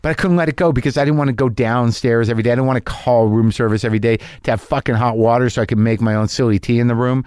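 A middle-aged man spins a rambling comic story, peppering it with swearing and mocking himself as he acts out his own lines. His voice sits at an ordinary pitch for a man. The sound is dry and close, with no room around it. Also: steady tone, racing, few pauses, a little mellow, smooth, no room sound. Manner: rambling, profane, self-mocking with acted-out asides. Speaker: comedian. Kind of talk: stand-up storytelling.

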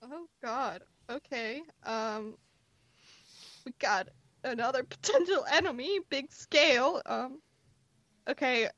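A woman's voice: high-pitched, slow pace, long pauses, a bit bright, no echo, highs cut off. A woman playing a tabletop game, reacting with hesitant ums and casual swearing. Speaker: player.

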